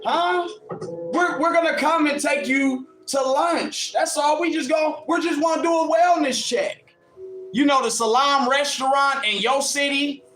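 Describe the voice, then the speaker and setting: Speaking unhurriedly in an extremely high, fairly bright voice, a man running a livestream in Ohio goes after a commenter. His combative rant is full of taunts and mockery, and he laughs at the critic. Faint music sits behind the echoey room sound.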